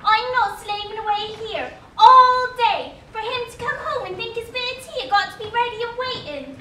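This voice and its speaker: A woman plays a nagging, scolding little girl with a very high, piercingly bright voice. She is heard from a distance on an echoey stage. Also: animated, normal speed, a little hiss or hum, heavily acted. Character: sharp-tongued little girl playing mother.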